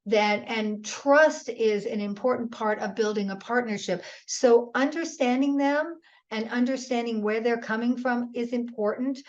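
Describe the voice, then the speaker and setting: A woman's voice: fairly high pitch, a little slow, dull audio. A woman presenter answering audience questions in a webinar, giving earnest advice with frequent restarts. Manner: earnest, advising, many restarts.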